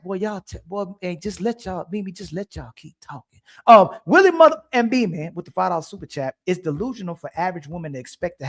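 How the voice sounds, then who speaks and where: A man hosting a livestream talk show, arguing loudly and emphatically, repeating himself and talking over his guests. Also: sits high. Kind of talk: heated casual debate.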